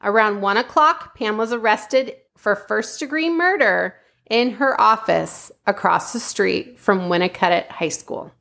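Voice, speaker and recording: A woman's voice: medium pitch, unhurried, vocal fry, few pauses, fairly bright tone. A woman host telling a true-crime story in a casual, chatty way, often laughing and saying "like". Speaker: podcast host.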